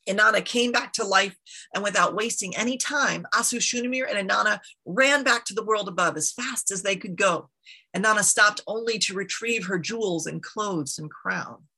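A woman telling an ancient myth out loud, with a bright, gravelly and husky voice. She keeps an unhurried storytelling rhythm and slips into chatty asides now and then. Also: mid-range voice, poor audio.

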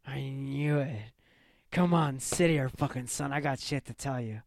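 Brief: man as a swaggering, profane Joker type, drawn-out and giddy. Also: medium pitch, vocal fry, a little hiss or hum. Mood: manic. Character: unhinged male Joker-style villain, crude and boastful. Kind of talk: improvised comedy sketch.

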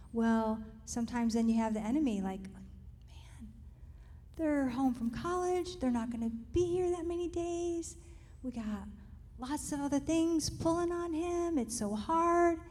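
A middle-aged woman telling a faith-based family story in an earnest, animated way, acting out the quotes. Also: high voice, moderate pace, in a large hall. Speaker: co-host sharing a family story.

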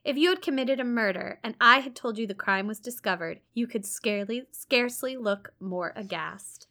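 A woman reading aloud who voices a reserved, stern young male clergyman in formal, measured old-fashioned speech. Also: on the high side, sharp tone. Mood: dry. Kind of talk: reading a classic novel aloud.

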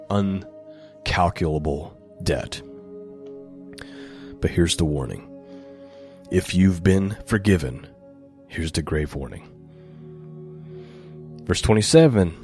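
A man's voice: sits low, darkish tone. A male pastor giving a sermon, reading scripture aloud with lifted emphasis and then explaining it in plain, conversational asides.

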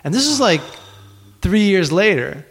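A man hosting a podcast, telling a stand-up story in profane, animated bursts that climb toward shouting. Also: high voice, a little slow, husky. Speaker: podcast host and stand-up comedian. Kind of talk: casual podcast chat.

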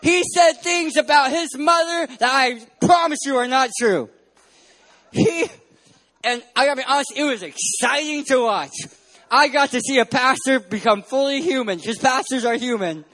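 A young man from San Diego preaching a sermon, telling playful stories with loud bursts of emphasis. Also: extremely high pitch, moderate pace. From San Diego, California.

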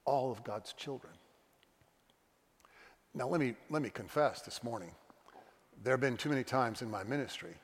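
Middle-aged male pastor, mid-pitched, earnest confessional sermon delivery, long church reverb. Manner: earnest, confessional storytelling with acted quotes. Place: church sanctuary.

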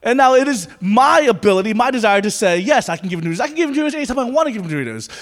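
High-voiced pastor in a reverberant hall. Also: male voice, sing-song, rapid-fire, a bit bright. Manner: conversational, playful asides, then earnest prayer. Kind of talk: sermon. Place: church sanctuary.

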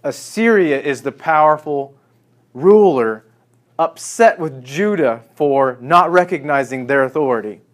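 A man's voice: on the high side, expressive, a little slow. A man preaching a sermon, reading scripture and acting out the quoted speech with rising emphasis and sarcasm.

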